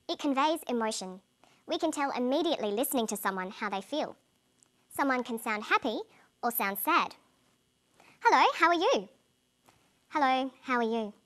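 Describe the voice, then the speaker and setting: A woman with a slightly high voice narrates a scripted English lesson. She explains each point clearly and plainly. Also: a bit bright. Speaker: English teacher.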